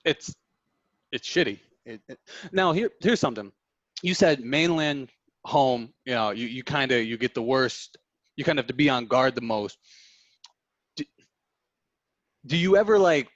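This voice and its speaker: Guy hosting a podcast, halting questions, dry kinda muffled sound. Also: mid-range voice, animated, no echo. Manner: halting, searches for words and restarts questions. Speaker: podcast host. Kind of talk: casual interview chat.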